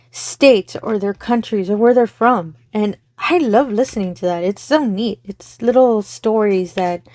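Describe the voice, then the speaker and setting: A woman's voice: mid-range voice, a little mellow, dry recording. A middle-aged woman, chatting casually to her viewers on her crafting channel, rambling and correcting herself as she goes. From Texas, US. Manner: rambling, self-correcting, friendly.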